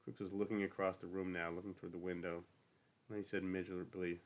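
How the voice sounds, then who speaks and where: A man reading an audiobook, narrating in a steady, unhurried way. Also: low-pitched. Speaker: audiobook reader.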